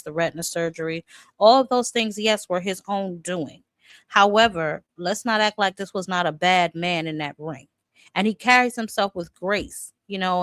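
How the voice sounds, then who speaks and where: A woman's voice: mid-range voice, a bit bright, no room sound, clean studio sound. A woman hosting a casual boxing live stream, chatty and playful, greeting viewers by name and teasing them, with many fillers and restarts.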